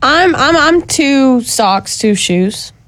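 A woman co-hosting a sports radio show, chatting casually in an easygoing way with quick asides. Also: high-pitched, lively intonation, fairly bright tone.

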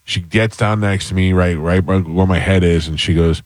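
Man, very low voice, casual storyteller, rambling, joking at himself, dry close sound. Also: moderate pace, few pauses, no echo. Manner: rambling, animated anecdote with self-deprecating humor. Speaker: podcast host.

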